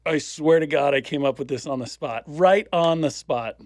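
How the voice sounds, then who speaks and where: Man in his fifties, casual podcast storyteller, cursing freely, acts out the people in his stories, slightly high voice, dry close sound. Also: normal speed, a little mellow, dry recording. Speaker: podcast host.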